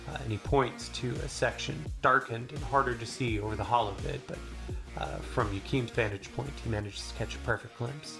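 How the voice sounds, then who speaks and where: A man narrating a solo tabletop game as game master in a relaxed, rambling way with many fillers. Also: medium pitch, moderate pace, creaky. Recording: music playing behind.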